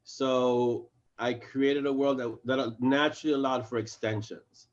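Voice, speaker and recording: A man's voice: medium pitch, steady tone, measured pace. A man in a casual video-call interview, explaining his writing with real energy. His voice sits in an ordinary middle register, and he keeps slipping into his characters' lines. The call audio is muffled and lo-fi. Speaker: fantasy author, interview guest.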